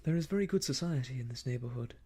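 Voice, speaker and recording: A man voicing an idle, uneasy young gentleman in a whispered role-play, hesitant and sheepish. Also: medium pitch, expressive, quick pace, slightly rough.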